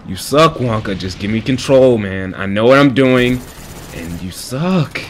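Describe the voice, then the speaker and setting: A man voicing his own cocky, bullying alter ego, taunting in a low growl over gameplay. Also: expressive, unhurried, slight background noise, natural voice. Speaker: video game commentator.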